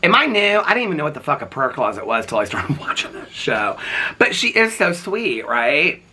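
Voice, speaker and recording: Sassy, bright-voiced man dishing gossip. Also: fairly high pitch, big pitch swings, normal speed, slight background noise. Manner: chatty, sassy, keeps asking "okay?". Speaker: reality TV commentator. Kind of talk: casual gossipy commentary.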